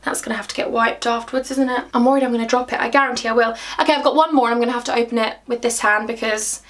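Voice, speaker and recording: Bubbly young woman vlogger. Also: on the high side. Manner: bubbly, gushing, talks to herself. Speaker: beauty vlogger. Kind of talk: excitable makeup vlog. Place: home bedroom.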